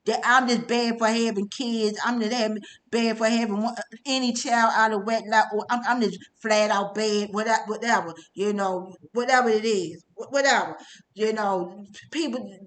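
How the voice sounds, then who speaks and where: High-voiced rambling middle-aged woman. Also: steady tone, normal speed, a bit bright. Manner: rambling and profane, with many stammers, filler sounds and tag questions. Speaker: testimony speaker. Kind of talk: casual personal storytelling.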